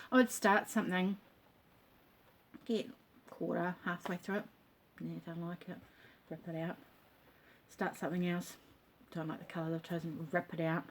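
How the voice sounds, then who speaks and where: A woman's voice: fairly high pitch, a little mellow. A middle-aged woman chatting casually to camera about her crafts from her home, rambling with lots of ums and the odd cough. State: coughing now and then. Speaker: crafting vlogger. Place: home dining nook.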